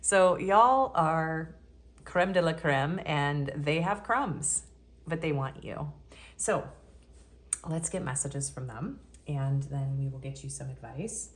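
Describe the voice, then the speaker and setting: A woman's voice: low-pitched, slow pace. A woman giving a casual pick-a-card tarot reading in a chatty, cheeky way that often breaks into laughter. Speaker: tarot reader.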